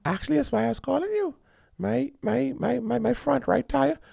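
Man putting on a high coy flirting woman. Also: animated, moderate pace, gravelly, mellow, husky, no room sound, studio quality, full character voice. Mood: sweet. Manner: sighing, sweet-talking, coaxing.

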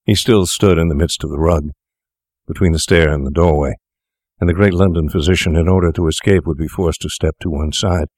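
Deep-voiced male audiobook narrator. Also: fairly even intonation, darkish tone, no room sound, studio quality. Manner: measured, formal storytelling.

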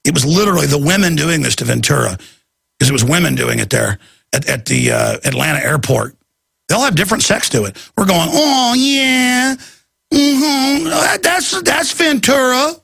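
Man, talk show host, ranting monologue, restarts and stammers, bright forceful tone, dry close sound. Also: mid-range voice, animated, quick pace, gravelly, husky, no echo. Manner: rambling storytelling with restarts and stammers; acts out quoted people in shifting voices.

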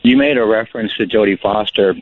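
A man's voice: fairly low pitch, brisk, slight background noise. A man from California calling a radio show, rambling and hesitant with many fillers. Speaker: caller. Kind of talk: call-in radio. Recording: dry, tinny phone line.

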